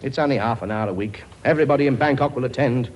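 A man's voice: mid-range voice, fast, darkish tone, lo-fi sound, a little hiss or hum, natural voice. A man playing a blustering king who bosses his many children, talking brashly and cracking jokes in a studio comedy sketch. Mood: bossy. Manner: brash, bossy, wisecracking. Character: blustering cockney-style king, bossy father of many. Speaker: comic actor playing a king.

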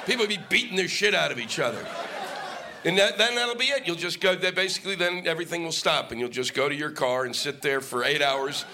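A man's voice: on the high side, expressive, a little fast, pushed and bright, a faint crowd. A man doing a live stand-up comedy set, ranting and sarcastic, heavy on profanity. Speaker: stand-up comic. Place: live comedy venue with laughing audience. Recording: live set with audible audience noise.

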